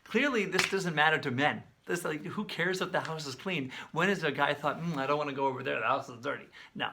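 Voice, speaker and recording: A man breaking down a song's lyrics in casual, animated video commentary, sometimes singing and beatboxing snippets. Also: a little high, fairly quick, vocal fry. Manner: animated, talks with his hands, sings and beatboxes snippets; conversational, many fillers. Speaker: songwriter breaking down a song.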